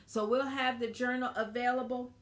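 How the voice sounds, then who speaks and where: A woman's voice: a little high, fairly even intonation, normal speed. Earnest woman giving marriage tips. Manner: earnest, encouraging, repeats phrases for emphasis. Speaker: marriage ministry host. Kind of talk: devotional tips talk.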